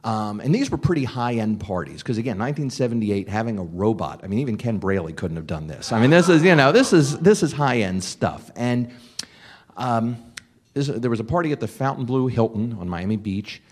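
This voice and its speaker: A middle-aged man, a comedian, telling a casual anecdote in an animated way, with restarts and laughs. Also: medium pitch, fairly quick, breathy edge. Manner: animated storyteller with many restarts. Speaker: comedian guest telling a story.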